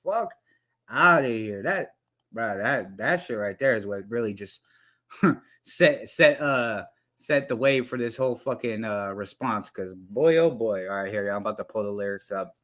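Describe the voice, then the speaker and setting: A man's voice: lowish voice, expressive, moderate pace, a bit bright. A man hosting a livestream, ranting with heated, profane commentary into a headset mic.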